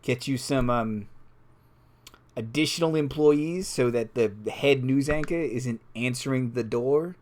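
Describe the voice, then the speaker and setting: A man's voice: mid-range voice, measured pace, darkish tone, natural voice. A man playing a stammering radio messenger. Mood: pleading. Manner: hesitant, stammering. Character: nervous male radio station messenger.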